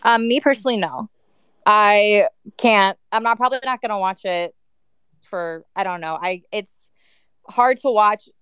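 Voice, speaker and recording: A woman's voice: mid-range voice, unhurried, fairly bright tone, smooth, no room sound. A woman in a casual audio chat room, talking heatedly and filling her speech with "like" and "um". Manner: heated, with frequent "like" and "um" fillers. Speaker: guest speaker.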